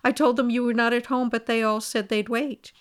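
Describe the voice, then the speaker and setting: A woman voicing a polite, fussy parlour maid who reports briskly and deferentially. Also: on the high side, steady tone, smooth, lightly acted.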